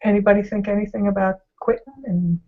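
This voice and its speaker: A woman's voice: medium pitch, flat delivery, fast, a little hiss or hum. Woman host, chatty storyteller, ums and restarts throughout, slightly dull video-call sound. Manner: rambling, with many fillers and restarts. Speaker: discussion host. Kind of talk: casual storytelling retelling.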